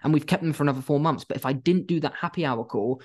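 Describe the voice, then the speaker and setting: Blunt, animated young man. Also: fairly high pitch, quick pace. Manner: blunt and animated, acts out phone calls, swears casually. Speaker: agency owner giving business advice. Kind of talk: casual talking-head advice.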